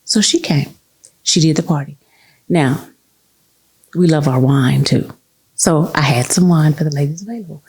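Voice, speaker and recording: A woman's voice: sits low, normal speed, long pauses, husky. A woman telling a story in casual chat, acting out the voices of the people in it. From United States. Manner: animated, acts out the voices in her story. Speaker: guest.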